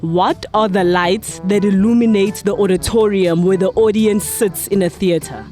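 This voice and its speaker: A woman's voice: medium pitch, fairly even intonation, moderate pace, mellow, faint music behind. A woman hosting a podcast quiz, reading questions in casual chat, teasing the players and laughing often. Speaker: podcast host running a quiz.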